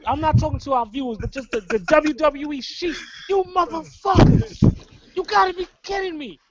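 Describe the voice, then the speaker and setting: A man's voice: very high-pitched, moderate pace, crowd noise. A man co-hosting a wrestling review, ranting in exasperated, profane casual talk. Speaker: wrestling show co-host. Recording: dull lo-fi recording.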